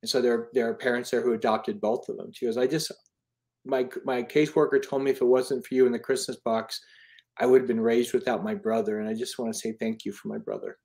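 A man's voice: medium pitch, flat delivery, a little fast, darkish tone. A man in his fifties, an author and charity founder, telling stories in a casual interview in an earnest, rambling way. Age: 50s. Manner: earnest, rambling with restarts and fillers.

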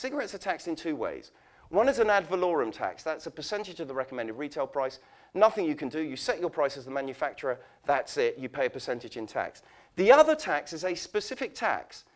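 A man giving a conference talk, telling animated anecdotes and acting out quoted voices. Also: sits high. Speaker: conference speaker. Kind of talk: storytelling keynote talk.

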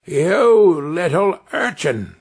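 A man reading a storybook, voicing a pair of sly, furtive grown male thieves who speak in a gruff, wary, hushed way. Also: sits high, sing-song, extremely slow, voice pushed up, heavily acted. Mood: scheming.

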